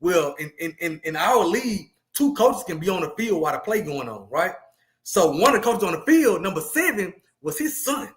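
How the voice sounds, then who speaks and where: A man, a podcast co-host and youth football coach, telling a story in animated, casual talk with lots of repeated words. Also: sits high, normal speed.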